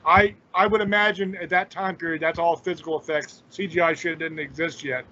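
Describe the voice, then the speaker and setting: Casting: high-pitched male host, blunt and profane, dull lo-fi sound. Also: fairly even intonation, a little fast, bright, forceful tone. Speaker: podcast host. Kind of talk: casual chat. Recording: dull lo-fi audio.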